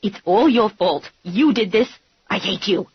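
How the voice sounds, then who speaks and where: A woman voicing a shrill, angry woman in her sixties who speaks slowly, with heavy emphasis. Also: expressive, husky, no room sound. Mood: furious. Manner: accusing, shrieking, slow and emphatic. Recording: dull lo-fi recording.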